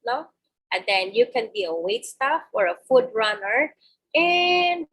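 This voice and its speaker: A woman's voice: on the high side, a bit bright, husky, poor audio. A middle-aged woman with a Filipino accent giving an online webinar lecture, explaining patiently and checking in with a frequent "no?". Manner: explanatory, frequent tag "no?", restarts and mixes in Tagalog. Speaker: university lecturer.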